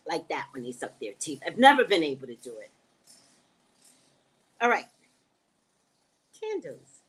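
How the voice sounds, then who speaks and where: Lively, bright-voiced woman chatting live. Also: mid-range voice, a little slow, pauses often, husky. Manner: blunt, joking, lively, laughs often. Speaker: live-stream host reading viewer comments. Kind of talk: casual live-stream chat.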